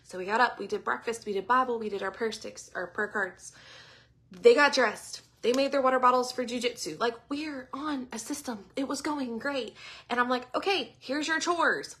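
A woman, giving a casual devotional talk in a chatty, animated storytelling way. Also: on the high side, normal speed.

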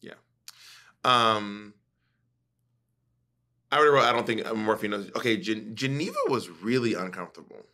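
A man's voice: on the low side, moderate pace, long pauses, bright, forceful tone. A man hosting a podcast in casual chat, gossiping animatedly and swearing freely. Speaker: podcast host.

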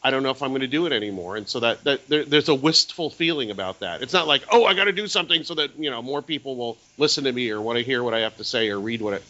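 A man's voice: medium pitch, fast, hardly any pauses, pushed and bright. A man, an author and radio host appearing as a podcast guest, talking in a reflective, rambling way. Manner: reflective, rambling, self-questioning. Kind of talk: casual chat. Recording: dull lo-fi audio.

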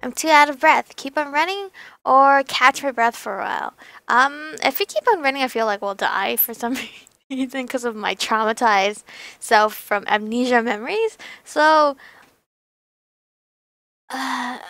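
Bright, high-voiced chatty woman streamer. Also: measured pace, dry recording. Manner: giggly, chatty asides. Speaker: game streamer. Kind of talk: reading and commenting on a story game.

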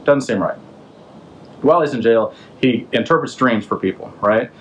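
A man's voice: medium pitch, normal speed, slight background noise, low-quality recording. A man hosting a podcast, retelling an old story in a casual, slangy way and throwing in rhetorical questions. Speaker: podcast host.

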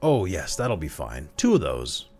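A man reading a story aloud, voicing a young pregnant wife in a bright, rehearsed, sweet manner. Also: extremely low pitch, wildly swooping pitch, unhurried, faint music behind, exaggerated voice.

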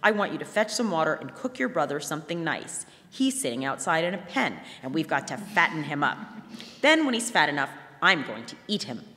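A woman reading aloud voices a wicked, greedy old witch with a shrill, commanding voice. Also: sing-song, fairly quick, sharp tone, full character voice. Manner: raised, barking commands. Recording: long hall reverb.

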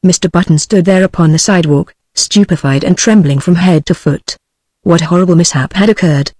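A woman's voice: lowish voice, a little fast, dry recording. Brief: British English TTS woman, audiobook narration, dry close sound. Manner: even, synthetic reading. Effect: text-to-speech voice. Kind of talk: scripted narration.

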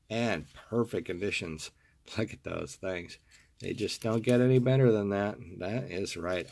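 A man with a gravelly, hoarse morning voice, casually showing off a collection in a video and gushing over each piece, often repeating words with delight. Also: fairly low pitch, darkish tone. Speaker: toy car collector and seller. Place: home desk.

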